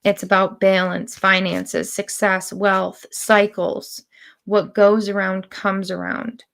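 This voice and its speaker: A woman giving spiritual readings on a live stream, speaking in slow, deliberate, drawn-out phrases. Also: mid-range voice, flat delivery, gravelly, a bit bright. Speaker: spiritual reader.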